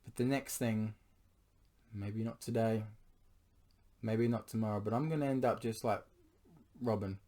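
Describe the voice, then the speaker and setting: Addressing his partner late at night, a male vlogger delivers a confession in an earnest, pleading manner. His slightly low, darkish voice has gone hoarse, and he keeps pausing to clear his throat as it gives out.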